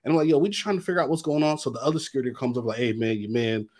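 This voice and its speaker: A man's voice: mid-range voice, racing, a little mellow. A young man co-hosting a podcast, telling a long story in casual chat, acting out quotes with heavy slang and lots of fillers. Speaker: podcast co-host.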